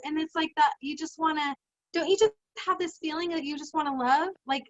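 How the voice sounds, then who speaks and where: A woman life coach runs a guided session over a video call, speaking in a high, brisk voice. She is emotional and animated and laughs often. The recording is dry, with the high frequencies cut off.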